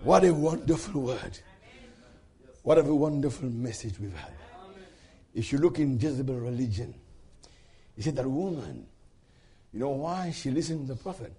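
A man preaching a sermon with passion, swinging from shouted peaks to hushed low passages and calling out questions to the congregation. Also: expressive, moderate pace, long pauses, breathy edge.

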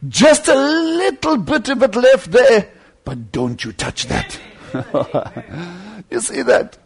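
A man preaching a sermon with fervent delivery, swinging between loud climbs and quieter asides. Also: very high-pitched, big pitch swings, slow, gravelly.

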